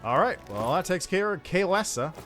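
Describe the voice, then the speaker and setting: A man's voice: high-pitched, sing-song, normal speed, a bit bright, soft background music. A man streaming a role-playing game, reading narration and chatting enthusiastically about the characters. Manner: enthusiastic, rambling. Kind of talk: casual gameplay commentary and narration.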